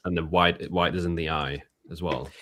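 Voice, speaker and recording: A soft-spoken, laid-back man hosting a podcast and reading out a listener's question. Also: sits low, steady tone, moderate pace, a little hiss or hum. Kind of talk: casual podcast chat.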